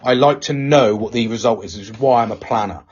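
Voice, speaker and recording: The host of a live talk show speaks fairly quickly in a medium-pitched, slightly mellow voice with a breathy edge. Casual and candid, he curses often and keeps rambling and restarting, on a dull, lo-fi recording.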